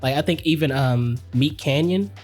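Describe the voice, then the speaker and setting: Relaxed woman co-host sharing opinions. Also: sits low, moderate pace, soft background music. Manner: relaxed, opinionated, says "like" often. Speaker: podcast co-host. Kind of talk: casual chat. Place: home recording setup.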